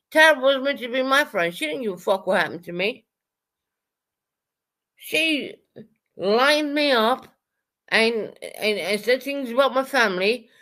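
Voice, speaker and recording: In a high-pitched, bright voice with a forceful edge, a woman goes off on a livestream rant. She curses a lot, says the same things over and over, and names specific viewers from the chat.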